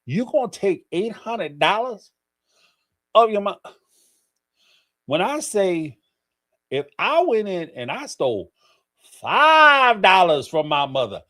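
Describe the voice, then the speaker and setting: Animated middle-aged male livestream host. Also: on the high side. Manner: animated, theatrical, laughing storyteller. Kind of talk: casual commentary.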